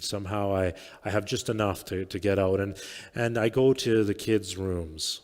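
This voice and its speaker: A man preaching a sermon as pastor, speaking reflectively, often letting phrases fade quietly. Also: on the low side, normal speed. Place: church sanctuary. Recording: long church reverb.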